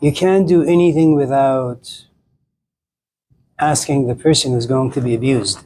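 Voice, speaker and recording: A male lecturer at a middling pitch tells a fable to his audience with wry, deadpan jokes. A faint hum of ambience sits behind his voice. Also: measured pace, poor audio. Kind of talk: storytelling lecture.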